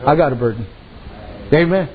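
On a dull lo-fi recording, a man with a fairly high voice and lively intonation preaches at a normal speed. His sermon is folksy and story-driven, in dialect, peppered with repeated "amen" and "I said."

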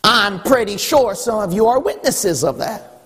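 Brief: emphatic male preacher, high and husky, in a big reverberant church. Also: expressive, measured pace. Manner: emphatic preaching with repetition and rising shouts. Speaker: pastor. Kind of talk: sermon. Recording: long hall reverb.

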